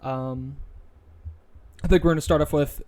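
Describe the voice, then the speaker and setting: A man's voice: a little high, fairly even intonation, normal speed, a little mellow. A young man opening a casual podcast episode, hesitant and full of fillers. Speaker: podcast host.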